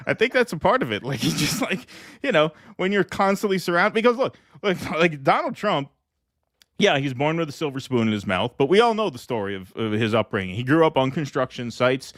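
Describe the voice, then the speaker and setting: A man's voice: on the high side, very animated, a little fast, a bit bright, no room sound, clean studio sound. A man co-hosting a political podcast, loose and joking, who laughs often. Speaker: podcast co-host. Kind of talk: casual political commentary.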